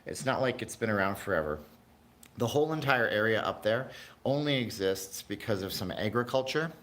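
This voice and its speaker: A man with a lowish, fairly bright voice hosts a casual livestream, talking animatedly and a little fast. He rambles from tangent to tangent and addresses the viewers in his live chat.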